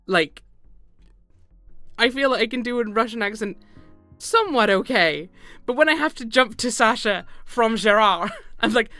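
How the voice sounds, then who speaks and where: A giggly woman streamer chatting through a game, self-deprecating and animated. Her voice is bright and forceful, with faint music under it. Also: fairly high pitch, normal speed, no room sound. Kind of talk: casual gameplay commentary.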